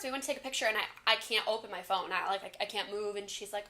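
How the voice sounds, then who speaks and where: A woman in her twenties shares a storytime vlog in a medium-pitched voice. She talks fast, gushing with excitement.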